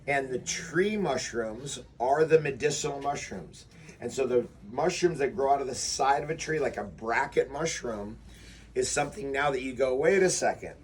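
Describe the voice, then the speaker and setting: A man's voice: medium pitch, moderate pace, far from the mic, slight background noise. A man leading an outdoor workshop, talking animatedly and acting out quotes with rhetorical questions. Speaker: workshop leader. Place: outdoors before a forest walk.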